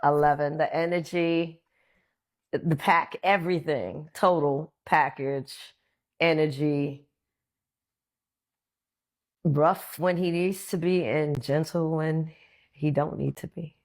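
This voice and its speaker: A woman with a low-pitched voice recounts a memory in a relaxed, chatty way. She animates the story by putting on other voices for the people she quotes. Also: slow, pauses often. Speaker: interview guest. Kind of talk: casual storytelling.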